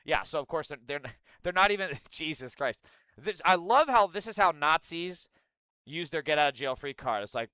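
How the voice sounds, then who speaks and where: A man's voice: on the high side, sharp tone, smooth, no echo. A man giving angry, profane, sarcastic live political commentary and answering his chat. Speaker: streamer host.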